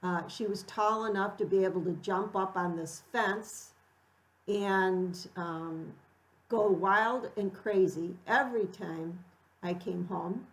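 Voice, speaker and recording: A middle-aged woman telling a personal story in an unhurried, reflective way, acting out quoted lines with animated lift. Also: mid-range voice, rough recording.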